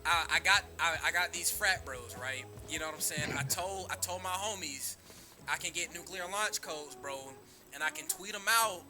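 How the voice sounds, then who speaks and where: A man's voice: a little high, moderate pace, music in the background, natural voice. A man voicing a cocky young frat-bro nephew who brags in slang. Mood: bragging. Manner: boastful slangy bragging.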